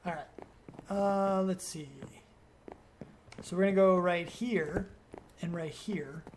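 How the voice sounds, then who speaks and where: A man's voice: sits high, fairly even intonation, takes it slowly, a little hiss or hum. A man giving let's play commentary as a gaming video creator, rambling and thinking aloud as he questions himself.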